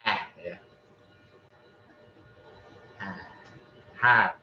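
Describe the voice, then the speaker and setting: A man with an Indonesian accent, slowly sounding out Hebrew words in a lesson and repeating syllables tentatively. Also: sits low, faint music behind. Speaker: Hebrew student. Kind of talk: pronunciation practice in a lesson. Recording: dull lo-fi audio, faint noise.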